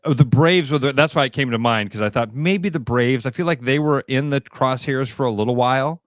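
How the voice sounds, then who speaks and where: A middle-aged man co-hosting a radio sports talk show in casual banter, animated and sometimes slipping into comic voices when he retells a story. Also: medium pitch, brisk, no echo, clean studio sound. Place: radio studio.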